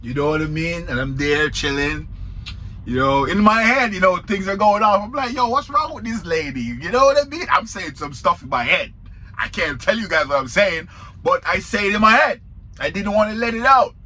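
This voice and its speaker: A man's voice: high-pitched, animated, moderate pace, pushed and bright. A man with a Jamaican accent, a truck driver telling a story in a casual vlog, talking straight to viewers.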